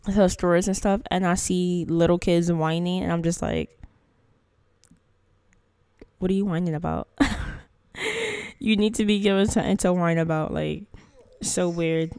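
Woman host, casual gameplay chatter, playful and slangy; smooth voice, dry close mic. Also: fairly low pitch, steady tone, moderate pace, darkish tone, no room sound. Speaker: gaming channel host.

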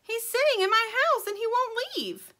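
A woman reading aloud, voicing a timid tiny female bluebird in a high, hesitant voice. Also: very animated, moderate pace, bright, forceful tone, exaggerated voice. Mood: upset.

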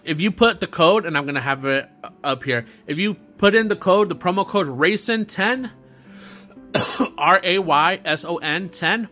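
A young man chatting unscripted to his camera, his bright, forward voice sitting a little high for a man. He rambles along, stumbling over restarts and fillers, and faint music plays underneath. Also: animated, a little slow. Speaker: YouTuber doing an unboxing video. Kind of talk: unscripted casual vlog talk.

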